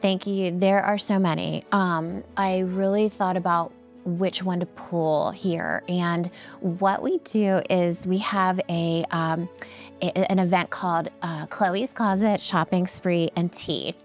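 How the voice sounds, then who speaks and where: A woman with a slightly low voice speaks as an interview guest. She tells her story earnestly, pausing often with ums and restarting her sentences. Soft music plays faintly underneath. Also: fairly even intonation. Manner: halting, with frequent ums and restarts; earnest, heartfelt. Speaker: nonprofit founder and guest.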